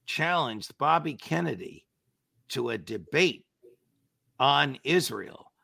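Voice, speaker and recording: A man's voice: mid-range voice, animated, slow pace, creaky, pushed and bright, slightly rough, no room sound, clean studio sound. A male guest commentator speaking in an indignant, lawyerly manner about law and government. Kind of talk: legal commentary in conversation.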